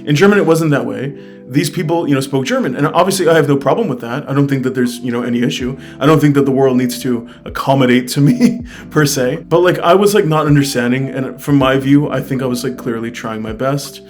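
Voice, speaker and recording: A man's voice: medium pitch, brisk, faint music behind. Chatty young man reviewing his travels. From United States. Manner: chatty, many fillers, candid and upbeat. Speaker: travel vlogger. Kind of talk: casual vlog review.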